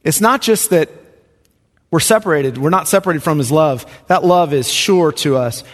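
Emphatic preacher in a reverberant hall. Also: male voice, fairly high pitch, normal speed. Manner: emphatic, swinging from loud rises to hushed drops. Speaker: pastor. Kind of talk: sermon.

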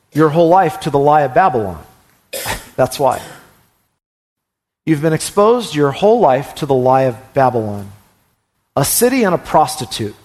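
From the pulpit, a pastor with a fairly high voice preaches his sermon fervently. He hammers his key phrases over and over, and as he presses on his words sometimes tumble out in quick stammers.

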